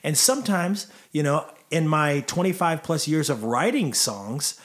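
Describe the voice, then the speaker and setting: A man's voice: on the high side, animated, measured pace, a bit bright. A man in his forties who hosts a faith conversation and writes church songs. He speaks in an upbeat, encouraging, conversational way. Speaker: host, church songwriter.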